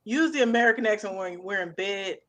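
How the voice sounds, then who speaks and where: A woman's voice: medium pitch, brisk, a bit bright. A young adult woman co-hosting a casual chat, playful and slangy, with big laughs. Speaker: podcast co-host. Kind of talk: casual banter.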